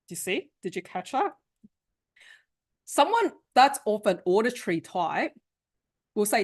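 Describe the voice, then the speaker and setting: A woman's voice: medium pitch, measured pace, pauses often. A woman coach teaching an interactive online workshop, talking casually, often checking in with "right?" and laughing, heard over a video call. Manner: animated, conversational, often asks "right?" and laughs. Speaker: sales and communication coach.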